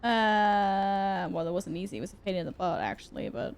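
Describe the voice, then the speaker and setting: A woman's voice: mid-range voice, lively intonation, moderate pace, creaky, smooth. A young woman streaming a video game live, chatting with her viewers in an exasperated, self-mocking way. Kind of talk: live gaming stream chat.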